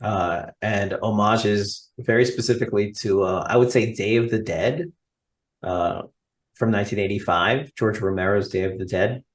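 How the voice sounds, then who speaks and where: American male podcast co-host, low-ish voice, chatty and enthusiastic. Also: moderate pace. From United States. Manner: chatty and enthusiastic, many fillers. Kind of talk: casual chat.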